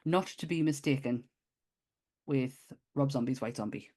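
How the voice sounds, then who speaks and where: A woman co-hosting a podcast in a casual chat, lively and quick to laugh. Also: extremely low pitch. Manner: lively, laughs often, exclaims. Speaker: podcast co-host.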